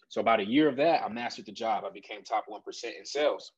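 A man, a guest in an interview, earnestly telling a personal story in an animated conversational way. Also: on the low side, quick pace, breathy edge, dry recording, dull audio.

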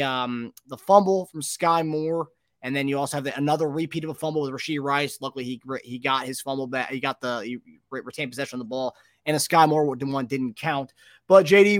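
A man's voice: a little high, a bit bright, dry recording. A man hosting a football podcast, rambling through plays with restarts and handing questions to his co-host. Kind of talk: casual sports chat.

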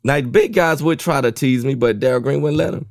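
A man, a former football player, talking in casual chat in an emphatic, relaxed way. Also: mid-range voice, fairly quick, creaky, no echo, studio quality.

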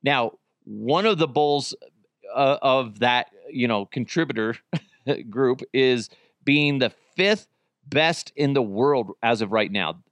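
A man's voice: mid-range voice, slow, fairly bright tone, no room sound. A man hosting his own podcast in casual solo chat, crude and joking, often poking fun at himself. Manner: crude, joking, self-mocking. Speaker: podcast host.

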